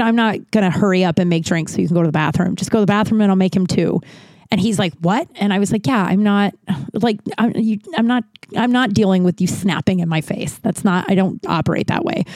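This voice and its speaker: A woman in her thirties tells a bartending story in a loose, rambling way, swearing as she goes. Her voice sits at an ordinary pitch for a woman. The sound is close and dry, with no room echo. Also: a little fast. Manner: rambling, profane, animated. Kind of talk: casual storytelling.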